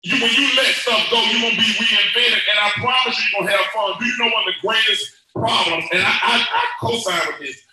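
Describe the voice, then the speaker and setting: A man preaching at a church teaching session, playful and joking, then rising to shouted exhortation. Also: high voice, a little fast, few pauses, very echoey, rough recording.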